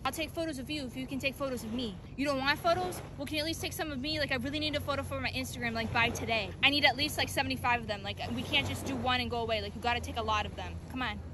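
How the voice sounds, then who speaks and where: A woman's voice: high-pitched, noisy background, lightly acted. A woman playing a spoiled teenage girl who whines and complains at the beach in a comedy skit. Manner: whiny, drawn-out complaining.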